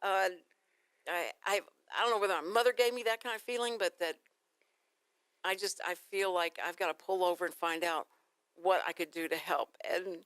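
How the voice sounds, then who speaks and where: A Texan-accented woman hosts a laid-back morning radio talk show from a studio, rambling through stories and laughing easily. Her fairly low voice is steady, a bit bright and smooth, at a moderate pace, recorded on a studio mic with no echo.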